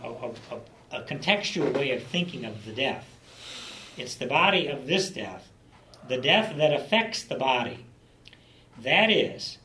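A man's voice: on the high side, fairly bright tone, a little hiss or hum. A man leading a Bible study lecture, teaching in an earnest, emphatic expository way. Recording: echoey room, mic far off, faint ambience.

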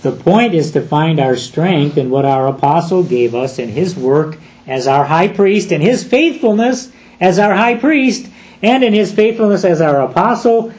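A man preaching an expository sermon, deliberate and emphatic, slowing down on key phrases. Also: sits high, darkish tone, muffled recording.

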